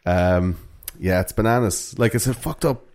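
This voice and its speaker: A man's voice: fairly low pitch, moderate pace, smooth. A man co-hosting a true-crime podcast in casual chat, rambling with lots of fillers. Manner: rambling, animated, many fillers. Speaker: podcast co-host.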